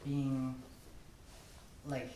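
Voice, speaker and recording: A man attending a parenting class, asking a question in a halting way as he searches for words. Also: medium pitch, monotone, background noise. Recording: echoey room, mic far off.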